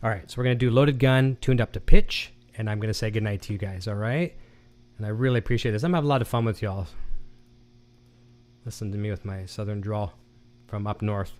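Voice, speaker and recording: A man's voice: fairly low pitch, fairly even intonation, a little fast, a little mellow. A man hosting a guitar gear show, chatting casually, telling corny jokes and reading viewer comments aloud on a live stream.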